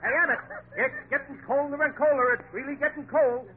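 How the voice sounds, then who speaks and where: A man's voice: very high voice, steady tone, brisk. A man doing whiny, boyish wisecracks in a 1940s radio comedy. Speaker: comedian, comic half of a double act. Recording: tinny lo-fi old radio with loud hiss.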